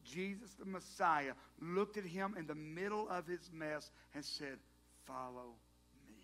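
A male pastor, preaching a sermon as an animated storyteller who jokes with the congregation. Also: high voice, unhurried.

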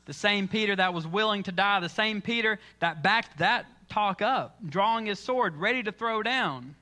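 A man's voice: high-pitched, moderate pace, sharp tone. A man preaching a sermon in church, telling the story with dramatic, acted-out lines. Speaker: pastor.

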